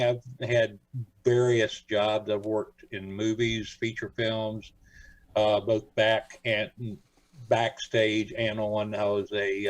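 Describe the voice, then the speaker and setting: An older Florida man with a lowish voice appears as a guest on a radio show, rambling through stories in a folksy manner full of fillers. The casual interview was captured in a rough recording with no echo.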